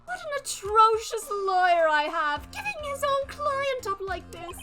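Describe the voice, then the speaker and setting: A smug, cruel young man sneering at his own lawyer, read out by a woman. The voice sits high and swings widely, with music playing clearly behind it. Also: very animated, unhurried, heavily acted. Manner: sneering, taunting. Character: smug cruel young male celebrity client.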